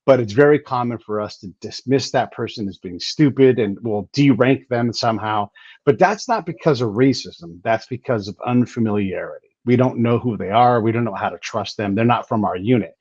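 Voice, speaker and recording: A man hosting a casual conversation, telling stories emphatically and talking in quick bursts. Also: medium pitch, darkish tone, slightly rough, no room sound. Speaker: podcast host. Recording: dull lo-fi recording.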